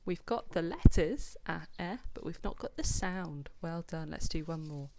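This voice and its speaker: A woman's voice: deep voice, lively intonation, normal speed, very noisy. Encouraging woman teaching children phonics. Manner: encouraging, praises children by name, counts down. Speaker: homeschool teacher. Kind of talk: live online phonics lesson for children.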